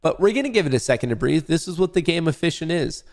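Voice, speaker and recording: His pitch is fairly high and his delivery fast and expressive, with vocal fry and a slightly mellow quality. He's a young man hosting a live day-trading stream, chatting loosely with viewers, joking and swearing in casual commentary.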